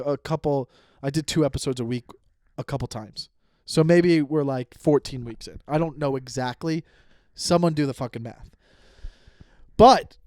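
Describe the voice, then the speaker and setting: A man in his thirties hosts a solo comedy podcast, drifting from tangent to tangent with plenty of swearing and frequent restarts. His voice sits a little high for a man. It sounds close and dry, with no room echo. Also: darkish tone. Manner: profane, self-interrupting, goes off on tangents. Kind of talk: rambling solo podcast monologue. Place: at home, lying down.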